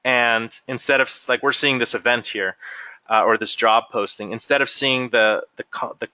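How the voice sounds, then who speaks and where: A man leading a software training webinar, explaining settings step by step as he clicks through them. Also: medium pitch, fairly even intonation, normal speed, dry recording. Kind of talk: screen-share software walkthrough.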